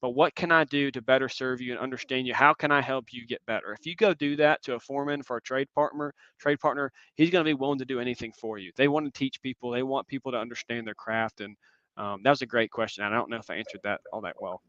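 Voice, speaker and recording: A man in his twenties giving an earnest, reflective conference talk and answering questions, often pausing with "um". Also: medium pitch, fairly even intonation, fairly bright tone, dry recording. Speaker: conference speaker. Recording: dull lo-fi sound.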